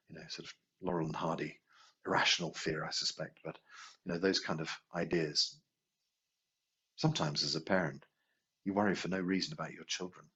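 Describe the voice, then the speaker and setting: A man teaching a healing class in a relaxed, anecdotal way, asking rhetorical questions as he goes. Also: normal speed, long pauses, breathy edge. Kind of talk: conversational teaching talk. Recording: dull low-quality video sound.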